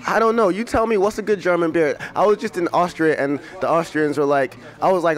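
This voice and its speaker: A man's voice: on the high side, a little fast, faint music behind. Laid-back joking young rapper, man. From England. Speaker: rapper guest. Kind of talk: casual interview chat.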